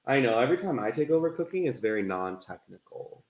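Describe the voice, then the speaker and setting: A man's voice: mid-range voice, big pitch swings, fast, roomy sound. A man co-hosting a live cooking stream, chatting casually and walking through each step as he cooks in a home kitchen. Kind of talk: casual chat while cooking.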